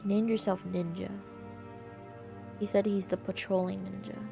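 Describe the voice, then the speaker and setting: A young woman streamer chatting casually with her viewers in an animated, quick-reacting way. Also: medium pitch, vocal fry, over music.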